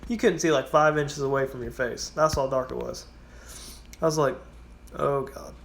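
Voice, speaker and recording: A gravelly, medium-pitched man speaks at a moderate pace over a faint hiss or hum, telling rambling stories from his gas station work in a casual storytelling vlog. He swears freely and acts out his customers.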